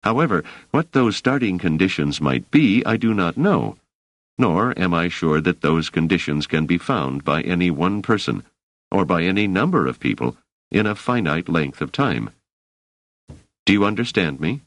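A man's voice: deep voice, animated, normal speed, a bit bright, dry recording, exaggerated voice. A man reading an audiobook and voicing a patient, precise male scholar who explains things carefully.

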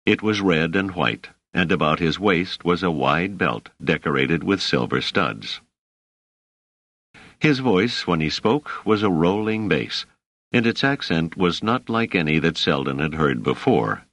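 A man with a very deep voice reads a novel aloud. His intonation rises and falls expressively, and the recording is dry and close. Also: animated, measured pace, a bit bright, no echo. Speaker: audiobook narrator. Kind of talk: scripted narration.

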